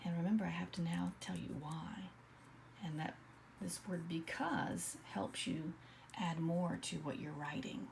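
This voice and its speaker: A woman teaching an early-grade writing lesson, slowly sounding out letters and words in a soft, often whispered voice. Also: fairly low pitch, fairly even intonation, vocal fry, a little hiss or hum. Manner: slow, patient, sounding out letters.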